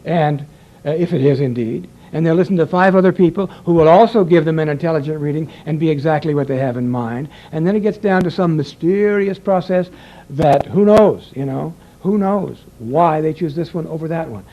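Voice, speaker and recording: A man's voice: on the high side, moderate pace, mellow, highs cut off. An older man who directs voiceover sessions, giving a rambling, conversational lecture to an audience and acting out exchanges from the studio.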